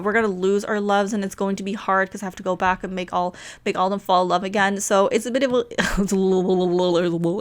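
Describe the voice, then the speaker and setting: Casual female game host, rambling, chatty, unscripted commentary. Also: mid-range voice. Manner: rambling, chatty, with frequent laughs and fillers.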